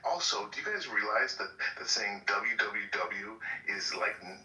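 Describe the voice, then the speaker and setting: A man's voice: lowish voice, lively intonation, a little slow, bright, forceful tone, faint music behind. A man from Canada who rambles in a casual group voice chat, full of filler words. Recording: echoey, distant voice chat.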